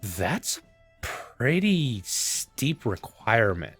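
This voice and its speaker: A man casually commenting on his gameplay, thinking aloud with relaxed fillers. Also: mid-range voice, very slow, slightly rough, faint music behind. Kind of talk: casual let's-play commentary.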